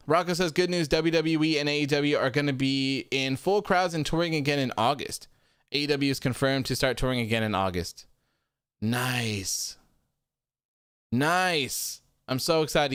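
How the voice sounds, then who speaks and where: A man's voice: mid-range voice, fairly bright tone, clean tone, no room sound, studio quality. A man hosting a wrestling post-show livestream, reading viewer comments aloud in a friendly, upbeat casual chat and thanking viewers often. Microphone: desk microphone.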